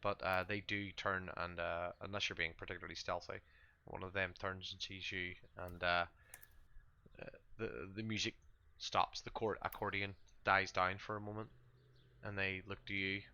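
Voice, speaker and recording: Brief: deep steady male game master, tense tone, stop-start narration. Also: clear, resonant tone, lo-fi sound. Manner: halting, with many fillers and restarts.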